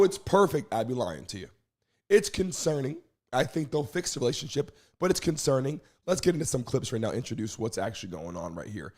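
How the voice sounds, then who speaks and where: Hoarse man hosting a live stream. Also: medium pitch. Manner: energetic, greets chat viewers by name. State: hoarse, lost his voice. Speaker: live stream show host. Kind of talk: casual live stream chat.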